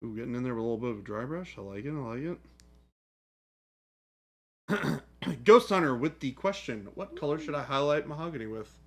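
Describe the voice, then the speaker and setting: A wry co-host on a relaxed painting stream, teasing with a bouncy, lively intonation in a mid-range voice. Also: mid-range voice, fairly quick, long pauses. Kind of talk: casual livestream chat.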